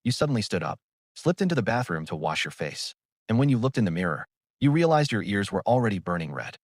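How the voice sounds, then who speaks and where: A man narrating a story recap in second person with animated storytelling. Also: lowish voice, fast, dry recording, clean studio sound.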